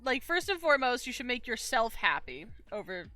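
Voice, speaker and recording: A woman chatting casually on a stream, supportive and quick to agree. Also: on the high side, big pitch swings, sharp tone, soft background music. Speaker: co-streamer friend.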